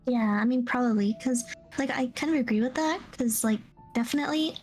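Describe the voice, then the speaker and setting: A woman's voice: a little high, fairly quick, darkish tone. A woman guest on a tarot stream, chatting casually and filling her speech with "like". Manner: casual, with many fillers like "like". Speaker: guest getting a tarot reading. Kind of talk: casual chat. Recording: faint background music.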